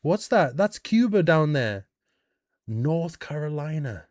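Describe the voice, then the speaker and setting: Excitable British man reacting aloud. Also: fairly high pitch, slow, faint music behind. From United Kingdom. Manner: animated, exclaiming and asking questions aloud. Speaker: reaction video host. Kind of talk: casual reaction commentary.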